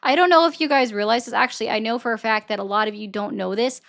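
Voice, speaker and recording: A woman's voice: fairly high pitch, quick pace, vocal fry, fairly bright tone. Defensive woman streamer from the South. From Southern United States. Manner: defensive, explaining to chat. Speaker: livestreamer answering chat. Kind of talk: casual live-stream commentary.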